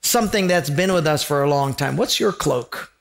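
A man's voice: fairly high pitch, expressive, moderate pace, gravelly. A male pastor preaching a sermon in a conversational, emphatic way, often asking his listeners questions.

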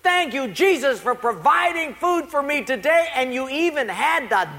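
A man's voice: very high-pitched, big pitch swings, moderate pace, pushed and bright, pitched above the performer's own voice, exaggerated voice. A man doing a sing-song, grateful poor old lady. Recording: long hall reverb.

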